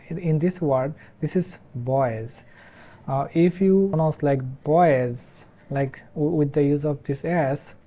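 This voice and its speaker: A man from Bangladesh with a Bangladeshi accent, a Bangla speaker teaching English pronunciation in a halting way, repeating each sound many times. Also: a little high, warm tone. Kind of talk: explanatory lesson.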